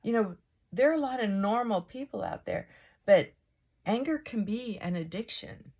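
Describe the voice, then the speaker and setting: Woman host, mid-pitch voice, reflective get-ready-with-me vlog, muses aloud with rhetorical questions and restarts. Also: animated, moderate pace, a little mellow. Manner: musing, asks many rhetorical questions; thinking aloud with frequent restarts and asides. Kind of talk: casual reflective monologue while getting ready.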